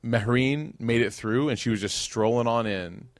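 Man, 30s, lecturer, animated storytelling, dry close sound. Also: medium pitch, moderate pace, no echo. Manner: casual, animated storytelling with voiced quotes.

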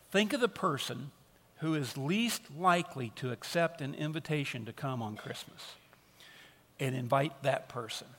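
A man's voice: mid-range voice, vocal fry, a bit bright, slight background noise. Earnest male preacher in a reverberant hall. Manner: earnest, emphatic preaching with repeated phrases. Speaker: pastor. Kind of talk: sermon. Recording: long reverb of a large hall.

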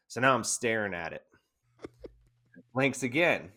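A man, an army veteran guest, casually telling an animated anecdote and often laughing. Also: medium pitch, measured pace. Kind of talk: casual storytelling.

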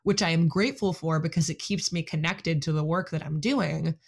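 A woman's voice: sits low, fairly quick, slightly rough. A woman in casual conversation, speaking candidly and self-consciously, often quoting what others say.

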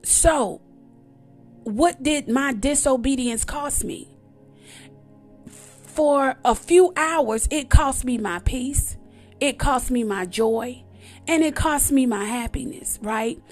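A woman's voice: high-pitched, takes it slowly, pauses often, faint music behind. A woman giving an emphatic, repetitive personal testimony in a conversational preaching style. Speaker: devotional speaker.

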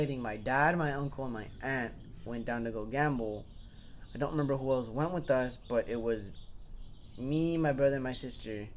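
A young man co-hosting a podcast, telling animated stories in casual chat, swearing freely and acting out what people said. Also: medium pitch. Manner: animated storyteller, swears freely, acts out quoted voices. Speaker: podcast co-host.

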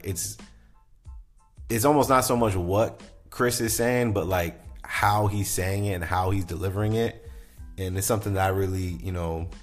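A man hosting a casual show, rambling enthusiastically and filling his talk with "like" and "you know". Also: sits low. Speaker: podcast host. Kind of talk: casual commentary.

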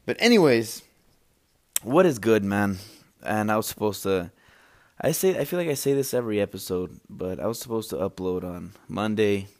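A young man hosts a solo podcast on a podcast microphone, rambling and joking with plenty of fillers and restarts. His voice is fairly low, expressive, and delivered at a normal speed.

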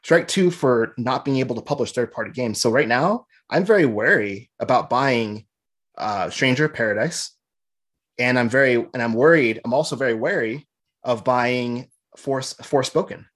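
A man's voice: mid-range voice, moderate pace, a bit bright. A man co-hosting a podcast in casual chat, rambling through opinionated game critique. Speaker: podcast co-host.

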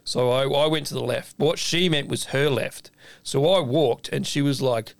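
A man, co-hosting a chef podcast, telling a story in a lively, casual way, acting out the voices of the people in it and swearing freely. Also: mid-range voice, normal speed, vocal fry, no room sound.

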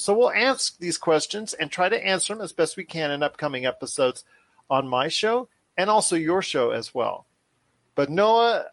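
A man's voice: a little high, no room sound. Upbeat, rambling male podcast host. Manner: energetic, rambling, enthusiastic. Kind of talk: casual chat.

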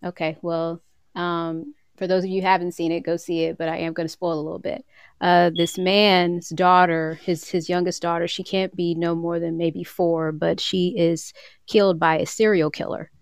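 A woman with a lowish voice talks earnestly and a little preachy, teaching on forgiveness the way a casual faith podcast does. She quotes scripture in old formal wording. Her sound is dry, with no room around her. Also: level tone, moderate pace, smooth, dry recording. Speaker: podcast co-host. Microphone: remote call, moving around.

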